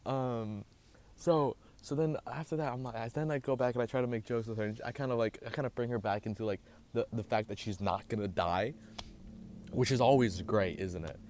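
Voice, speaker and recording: Young guy vlogger telling a story, gets loud n heated, swears a lot. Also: medium pitch, a little fast, a little hiss or hum. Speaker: vlogger host. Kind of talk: casual storytime vlog.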